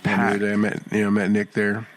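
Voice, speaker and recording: A middle-aged man, a podcast co-host, chatting casually and acting out quoted lines loudly as he tells stories. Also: on the low side, normal speed. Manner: animated storyteller, acts out quotes loudly. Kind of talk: casual chat.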